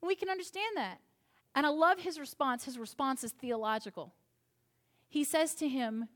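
Woman preacher, sermon, conversational asides, slightly high voice. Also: normal speed, a bit bright.

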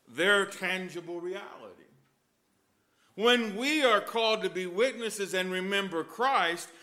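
A male priest preaching a sermon with lively storytelling and emphatic points. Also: sits high.

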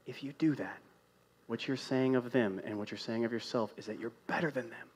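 A man preaching a sermon in a conversational way, asking the congregation rhetorical questions and moving between loud emphatic lines and quiet hushed ones. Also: mid-range voice, a little fast. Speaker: pastor.

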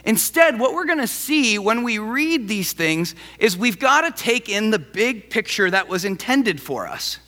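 Animated, bright-voiced preaching man. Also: high voice, unhurried, hardly any pauses, big-room sound. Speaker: pastor. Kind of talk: sermon.

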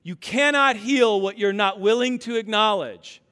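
A man preaching with a very high, bright, forceful voice. He tells emphatic stories and plays the people in them. His voice rings with long reverb in a church hall. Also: measured pace, smooth. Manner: storytelling, emphatic, acts out family voices. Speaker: pastor. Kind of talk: sermon.

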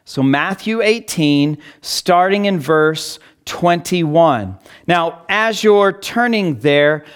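A man preaching a sermon, reading scripture aloud and explaining it in an earnest, expressive way. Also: a little high, slow, clean tone. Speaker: pastor.

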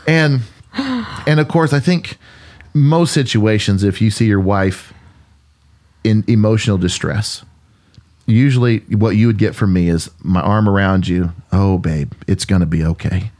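A middle-aged man, a pastor, telling a personal story in casual chat, earnest and animated, with many restarts. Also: lowish voice, unhurried, long pauses. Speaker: pastor and podcast co-host.

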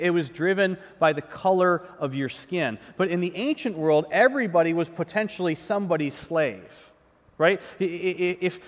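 Male pastor, lively and fairly high-pitched, conversational sermon with stumbles and "right?", long hall reverb. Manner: conversational preaching, repeats words, often asks "right?".

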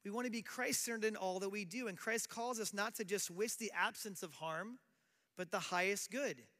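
Middle-aged male pastor, high bright voice, chatty sermon, long hall reverb. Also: normal speed. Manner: conversational preaching with acted quotes.

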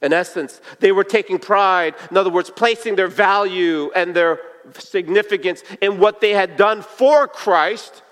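A man preaching a sermon, telling a story earnestly and slowing down, sometimes hushed, for emphasis. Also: sits high, clean tone. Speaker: pastor. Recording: long reverb of a large hall.

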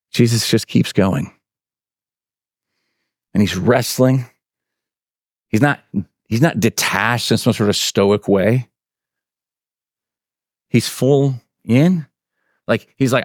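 A man preaching a sermon to a congregation in a relaxed, conversational way, often filling with "like" and "right". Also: medium pitch, no room sound, studio quality. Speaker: pastor.

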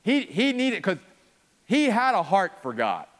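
A man's voice: high-pitched, huge pitch swings, a little slow, a bit bright, in a large hall. A man preaching an earnest sermon, piling up repeated phrases for emphasis. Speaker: pastor.

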